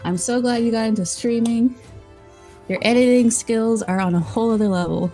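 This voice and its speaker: High, giggly woman guest. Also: normal speed, warm tone, soft background music. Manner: giggly and playful. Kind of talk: casual live-stream chat.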